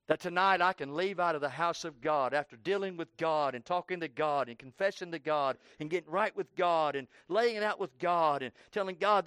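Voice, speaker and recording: A man preaching a sermon and praying aloud in church, moving from quiet pleading to loud impassioned cries and repeating phrases for emphasis. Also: a little high, moderate pace, few pauses, clear, resonant tone, no echo, clean studio sound. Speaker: pastor. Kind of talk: sermon with spoken prayer. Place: church service.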